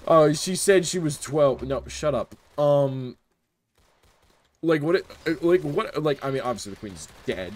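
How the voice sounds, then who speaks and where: A young man streams a game live, chatting casually and cracking jokes as he reads his chat out loud. His voice is a little high and his pace moderate, and he's animated and laughs often.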